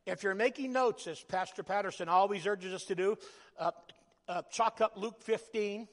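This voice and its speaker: A man preaching a sermon in a folksy, joking way, rising to loud emphatic calls. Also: high-pitched, moderate pace, big-room sound.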